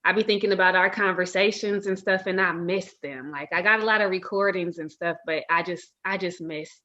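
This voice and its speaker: A woman co-hosts a casual podcast interview, speaking in a low voice. She is affirming and supportive, and her voice comes through a dull, lo-fi recording. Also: fairly even intonation, fairly quick, bright, forceful tone. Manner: supportive, frequent laughs and affirmations. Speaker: podcast co-host.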